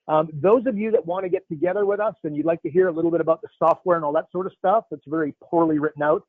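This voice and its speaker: A man's voice: a little high, fast talker, dry recording. A man hosting a live business coaching call, upbeat and slangy, calling callers buddy and man. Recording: dry, tinny phone-like line.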